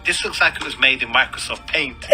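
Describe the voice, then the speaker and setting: A man's voice: mid-range voice, low-quality recording. A man mocking a video in casual commentary, laughing and putting on voices as he talks. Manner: mocking, laughing, mimics others.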